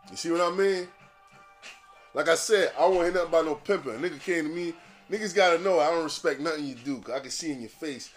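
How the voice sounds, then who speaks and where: A man with a voice a little higher than most rambles through a casual podcast monologue. He swears freely and breaks into laughter at his own jokes. Faint music sits behind him. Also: quick pace. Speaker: podcast host.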